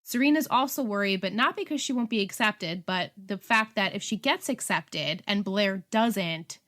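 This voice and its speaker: A woman co-hosting a podcast, chatting casually and retelling a TV episode in an animated way. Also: medium pitch, moderate pace. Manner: chatty, animated storytelling with frequent fillers. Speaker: podcast co-host. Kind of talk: casual chat recapping a TV episode.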